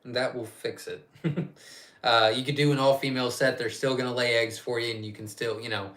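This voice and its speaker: A man's voice: medium pitch, little pitch movement, normal speed, fairly bright tone. Guy running a farm live stream q&a, rambly and chatty, reads out the chat and just answers. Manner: chatty and rambling, reads viewer questions aloud and answers off the cuff. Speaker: quail farm owner hosting a live Q&A.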